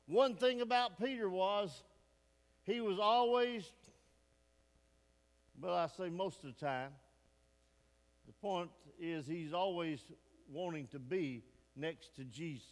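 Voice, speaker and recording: Man, pastor, folksy emphatic sermon, high voice, church hall reverb. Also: slow pace, pauses often. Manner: folksy, emphatic, asks the congregation questions. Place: church sanctuary.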